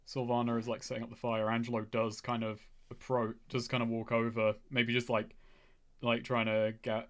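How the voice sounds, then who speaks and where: A man playing in a tabletop game, chatting in a relaxed, agreeable way. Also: mid-range voice, normal speed. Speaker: player. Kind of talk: casual tabletop play.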